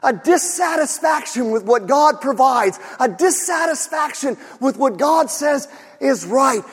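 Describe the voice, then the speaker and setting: A man preaches with a strikingly high voice, driving his points home and often rising to shouts. He asks rhetorical questions and answers them himself. His voice rings with the long reverb of a large hall. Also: lively intonation, unhurried, soft background music. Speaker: pastor. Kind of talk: sermon.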